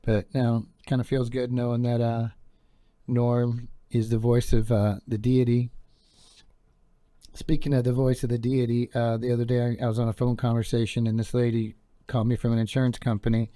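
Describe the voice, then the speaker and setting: A man's voice: mid-range voice, little pitch movement, normal speed, warm tone, dry recording. Laid-back, rambling male podcast host. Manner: laid-back, meandering, full of fillers. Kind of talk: rambling casual monologue.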